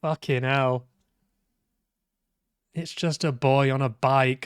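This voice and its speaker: A man's voice: mid-range voice, steady tone, slow, clear, resonant tone, no echo, clean studio sound. A man giving sweary, sarcastic live commentary on a game he is playing, talking back at the characters. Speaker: game streamer. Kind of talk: live let's-play commentary.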